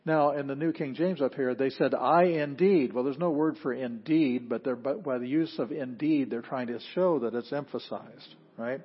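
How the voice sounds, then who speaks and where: A man's voice: medium pitch, normal speed, few pauses, husky, dull audio. A man teaching an introductory Greek class, explaining step by step and often restarting his phrases. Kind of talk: classroom lecture.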